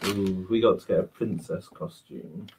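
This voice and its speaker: A man's voice: deep voice, normal speed. A man co-hosting a live building stream, giving dry, short replies in casual chat. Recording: distant voice, loud clattering noise.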